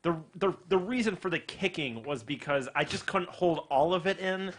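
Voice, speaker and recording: A man guesting on a podcast, explaining himself in halting, sheepish casual talk. His voice sits a touch higher than most men's. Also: expressive. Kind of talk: casual chat.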